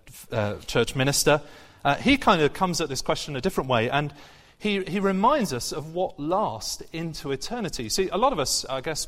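A man's voice: medium pitch, fairly bright tone. A man preaching a sermon in an earnest, conversational way, with frequent fillers and restarts. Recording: long hall reverb.

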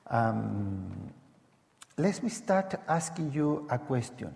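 A man from Chile preaching a sermon in English with a strong Latin American accent, halting and full of fillers. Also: mid-range voice, big pitch swings, creaky, a little mellow. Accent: Latin American Spanish. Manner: slow, halting, with many fillers. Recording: church hall with long reverb.

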